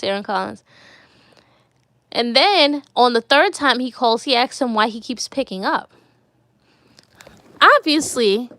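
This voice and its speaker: A woman's voice: a little high, fairly bright tone, no echo. A young woman vlogger telling stories in a casual, chatty way, repeating words for emphasis. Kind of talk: casual chat to viewers.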